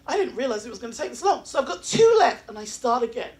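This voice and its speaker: An English woman performs open mic stand-up, telling her story in an animated way and acting out the voices. Her voice sits high for a woman. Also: fast, hardly any pauses. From England. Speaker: stand-up comic. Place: small comedy venue.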